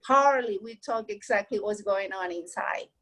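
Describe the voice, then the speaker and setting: A woman, a native Spanish speaker, gives sincere, heartfelt advice in a relaxed way, repeating her points to encourage the listener. Her mid-range voice is fairly bright and moves at a moderate pace, though the recording is rough.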